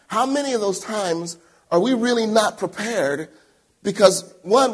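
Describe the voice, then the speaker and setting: High, husky-voiced male preacher. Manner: storytelling, swings between loud emphatic bursts and quiet asides. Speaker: pastor. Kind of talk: sermon.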